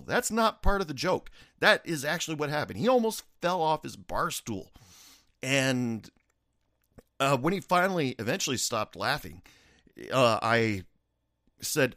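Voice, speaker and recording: Young male podcast host, lively storyteller with a big, swinging pitch and a dry, close sound. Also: normal speed, no room sound. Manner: animated storytelling, joking. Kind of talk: casual chat.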